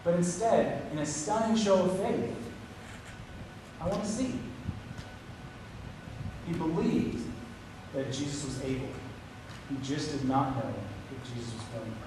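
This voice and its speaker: A man preaching a sermon, telling a story and voicing quoted lines with a higher pitch. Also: normal speed. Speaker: pastor. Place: church sanctuary. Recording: echoey hall from far off with noise.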